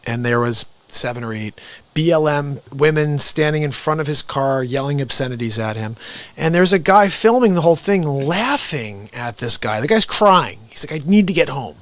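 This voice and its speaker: A man hosting a talk show, telling stories in a lively way and acting out the voices of the people in them. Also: a little high, moderate pace, no room sound. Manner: animated storyteller, acts out the people in his stories. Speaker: host. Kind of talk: casual talk show conversation.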